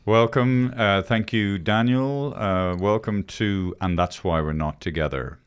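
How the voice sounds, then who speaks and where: A man's voice: on the low side, a little slow, slight background noise. An Irish man co-hosting a podcast, rambling and swearing with many restarts in casual chat. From Ireland. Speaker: podcast co-host.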